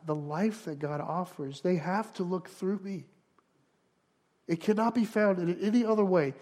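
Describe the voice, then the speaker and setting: A man preaching a sermon as pastor, earnest and repeating phrases for emphasis, rising to louder passages and falling quiet for prayer. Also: high voice.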